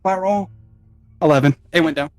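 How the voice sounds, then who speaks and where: A man's voice: on the high side, normal speed, no room sound, faint music behind. A man playing in a tabletop game, joking dryly and rambling. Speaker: player.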